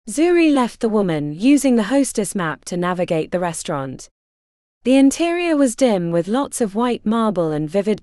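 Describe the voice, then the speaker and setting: A woman narrating a fantasy audiobook in a measured, expressive storytelling manner, close to the mic. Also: medium pitch, dry recording. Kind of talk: scripted narration.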